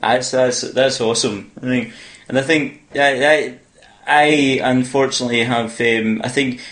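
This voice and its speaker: A man's voice: mid-range voice, fairly even intonation, measured pace, fairly bright tone. A Scottish man hosting a podcast, chatting casually and wandering off on tangents. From Scotland. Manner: rambling, goes off on tangents. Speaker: podcast host. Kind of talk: casual conversation. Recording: echoey room.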